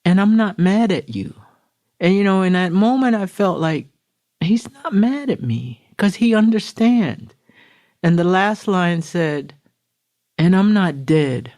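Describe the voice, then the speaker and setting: A woman's voice: lowish voice, lively intonation, unhurried, darkish tone. A middle-aged woman from Florida, a podcast guest, giving an earnest, emotional personal recovery testimony and acting out the quotes she retells. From Florida, USA.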